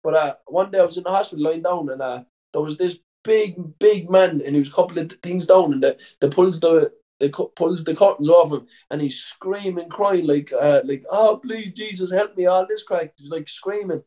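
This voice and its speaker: A man's voice: fairly high pitch, normal speed, dark tone, poor audio. A young Irish man, a professional fighter, telling stories in a casual interview, rambling with lots of fillers and swearing.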